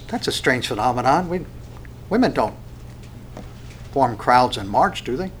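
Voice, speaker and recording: A man preaching a sermon, animated, acting out quoted dialogue with frequent restarts. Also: mid-range voice, moderate pace, pauses often, husky. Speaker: pastor.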